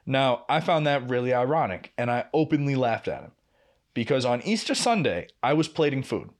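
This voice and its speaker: A man's voice: medium pitch, normal speed. A young man co-hosting a podcast, casually telling a long work story, swearing often and acting out both sides of quoted arguments. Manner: profane, animated, acts out quoted exchanges. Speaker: podcast co-host.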